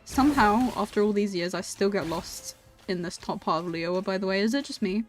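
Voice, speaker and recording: A young woman streams a game and chats playfully with her viewers, breaking into quick laughs as she talks. Her voice is medium-pitched, with faint music behind it.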